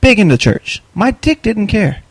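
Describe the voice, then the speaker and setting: A man's voice: high-pitched, big pitch swings, a little slow, slightly rough. A man co-hosting a podcast, talking bluntly and profanely in casual chat. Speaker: podcast co-host.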